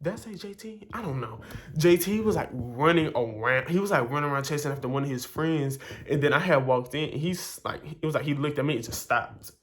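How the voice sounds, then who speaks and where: A man's voice: on the high side, a little fast, a bit bright. Chatty young man telling a story. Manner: chatty, full of fillers, acts out quoted lines. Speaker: vlogger. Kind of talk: casual storytelling.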